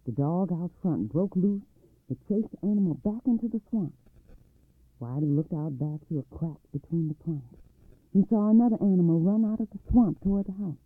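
Man, radio storybook narration, expressive, lively pitch, slightly husky, tinny phone-like sound. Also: normal speed, no room sound. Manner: expressive, dramatic reading.

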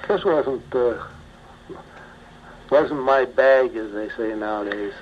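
An older man, a former pilot, slowly telling his memories in an interview, with many pauses and fillers. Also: mid-range voice. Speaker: retired bush pilot. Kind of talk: oral history interview. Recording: muffled archival tape with faint hiss.

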